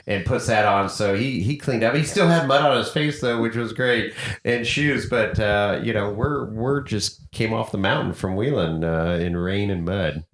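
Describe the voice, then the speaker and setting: A man's voice: on the low side, moderate pace, echoey room. A man hosting a podcast, casually telling a road trip story and acting out the voices of people he quotes. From United States. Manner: animated, acts out quoted voices. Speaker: podcast host.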